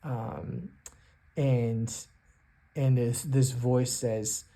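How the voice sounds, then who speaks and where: Halting man narrating a solo tabletop game. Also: medium pitch, steady tone, mellow. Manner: halting, thinking aloud with many restarts. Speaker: solo game master and player. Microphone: self-recorded on camera.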